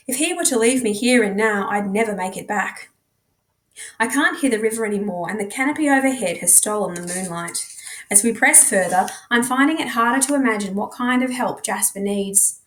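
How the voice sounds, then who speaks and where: A woman reading a novel aloud in measured, expressive first-person narration. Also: medium pitch. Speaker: book reader.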